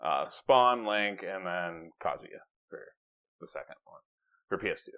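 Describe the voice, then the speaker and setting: A man's voice: low voice, animated, unhurried, smooth. A man hosting a podcast, chatting casually, rambling and swearing, sometimes reading from notes. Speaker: podcast host. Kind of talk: casual chat. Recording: dull lo-fi podcast audio.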